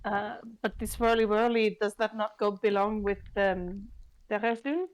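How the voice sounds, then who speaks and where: A woman's voice: medium pitch, flat delivery, rough recording. A woman playing a tabletop game, chatting casually and partly in character, playful in her delivery. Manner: playful and quick to laugh. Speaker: player.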